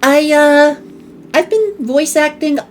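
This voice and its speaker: A woman's voice: high voice, slow pace, slight background noise. A woman streaming in casual chat, playful and crude, with a very flexible voice she switches around.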